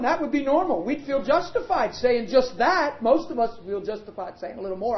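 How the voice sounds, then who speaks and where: A man preaching a sermon in an emphatic, animated way, calling out to the congregation. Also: very high-pitched, fairly quick, few pauses, reverberant, muffled recording.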